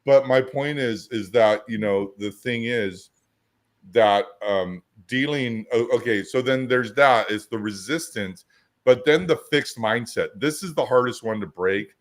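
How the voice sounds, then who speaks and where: A man's voice: mid-range voice, unhurried. A man co-hosting a coaching podcast, talking assertively in casual chat and acting out quotes in his stories. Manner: assertive, storytelling with acted-out quotes.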